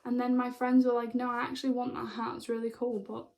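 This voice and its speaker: A young woman tells a personal story to camera in a chatty, excitable way, full of fillers. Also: on the high side, quick pace, gravelly. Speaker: spiritual vlogger.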